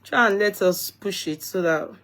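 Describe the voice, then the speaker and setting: A woman's voice: mid-range voice, normal speed, fairly bright tone. Tired Nigerian woman hosting a live chat. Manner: chatty, repetitive greetings, mixes in Pidgin. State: tired, yawning. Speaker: live-stream host. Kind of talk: casual live-stream chat.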